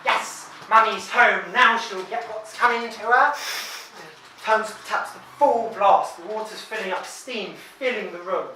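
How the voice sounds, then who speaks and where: A woman's voice: mid-range voice, measured pace. Far-off echoey woman storyteller. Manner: dramatic hushed drops and loud outbursts. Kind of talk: live spooky storytelling. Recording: echoey room from far off, light noise.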